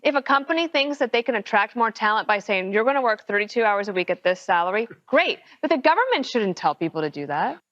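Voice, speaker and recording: Brisk, opinionated TV panelist woman. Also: on the high side, lively intonation, fairly bright tone. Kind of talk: broadcast panel commentary. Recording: dry, dull TV clip audio.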